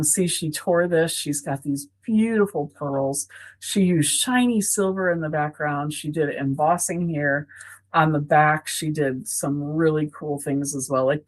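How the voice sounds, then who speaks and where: A woman's voice: low-pitched, low-quality recording. Gushing enthusiastic woman co-host. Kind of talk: live product showcase chat.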